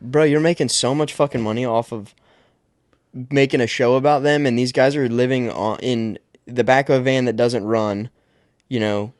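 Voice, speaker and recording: A young man in loose podcast chat, swearing freely and drifting into "I don't know." His mid-pitched voice comes across dry and close, with no room around it. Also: moderate pace, no room sound. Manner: relaxed, profane, trails off with "I don't know". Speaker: podcast co-host. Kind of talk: casual chat.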